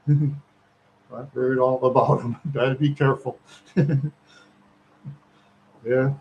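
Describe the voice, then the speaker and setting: A man's voice: mid-range voice, flat delivery, drawn-out words, a little hiss or hum. Brief: man from Minnesota, rambling live-stream host, frequent chuckles, slightly lo-fi recording. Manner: chuckles often, repeats words, rambling.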